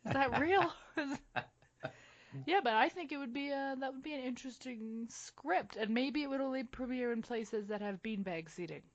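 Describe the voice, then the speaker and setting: A woman co-hosting a podcast, telling stories in a casual, animated way with frequent laughs. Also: fairly high pitch, normal speed. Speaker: podcast co-host. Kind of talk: casual chat. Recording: dull lo-fi recording.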